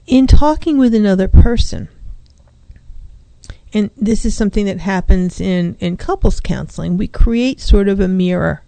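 A woman's voice: medium pitch, normal speed, vocal fry, mellow, no room sound. A woman therapist hosting a radio talk show, speaking reflectively into a studio microphone. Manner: reflective, speaks in first person about feelings. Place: small studio. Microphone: studio microphone with headphones.

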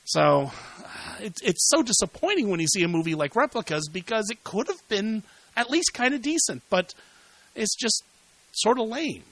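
A man's voice: high-pitched, very animated, moderate pace, a bit bright, no room sound, rough recording. A middle-aged man hosting a casual movie review podcast, talking animatedly and repeating words when worked up.

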